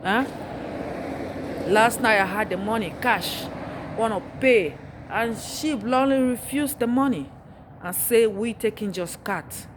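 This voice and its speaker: A woman vlogging outdoors on a dark street at night, ranting in an agitated, repetitive way as she walks, with passing traffic behind her. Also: a little high, takes it slowly, pauses often. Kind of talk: angry street vlog rant.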